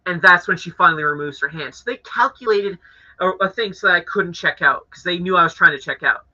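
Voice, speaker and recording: A young man from Canada hosting a live stream, telling an annoyed story to his chat in a casual, animated way with swearing. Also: high voice, brisk. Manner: animated, swearing, acts out angry voices. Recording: dull lo-fi audio.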